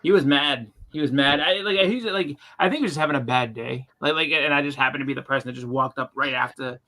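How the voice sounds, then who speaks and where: A man co-hosting a casual convention chat, telling animated stories and acting out the quotes. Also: mid-range voice, fast talker. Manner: animated storyteller, acts out quotes. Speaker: podcast co-host. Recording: live convention panel, roomy mic.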